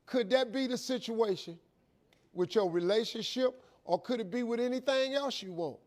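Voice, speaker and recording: A man's voice: extremely high pitch, normal speed, darkish tone. A middle-aged man telling a folksy, emphatic, preacher-like story to a live audience as a motivational speaker.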